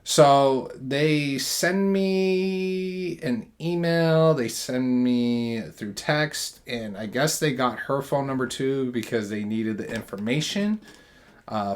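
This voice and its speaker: A young man telling stories on a casual podcast with his partner. His talk is loose and full of swearing, and it jumps into loud bursts when he gets worked up. His pitch sits in an ordinary middle range. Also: a little slow. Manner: animated, profane, loud bursts when excited. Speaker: podcast host. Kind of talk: casual storytelling chat.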